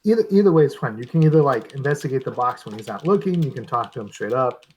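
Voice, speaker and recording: A man's voice: medium pitch, animated, fast, a little mellow, a little hiss or hum. A man running a tabletop game as game master, narrating scenes with frequent hesitations and fillers. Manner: hesitant, lots of ums.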